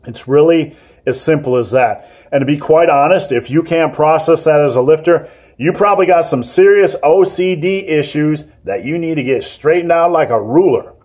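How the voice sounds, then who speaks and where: A man's voice: fairly high pitch, moderate pace, darkish tone, husky. Joking man hosting a fitness vlog. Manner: joking, rambling, self-mocking. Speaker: fitness channel host. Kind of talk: casual advice vlog.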